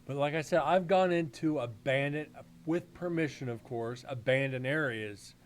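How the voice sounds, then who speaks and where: A man's voice: mid-range voice, moderate pace. Rambling, profane man telling stories. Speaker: paranormal stream host. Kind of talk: casual live-stream chat.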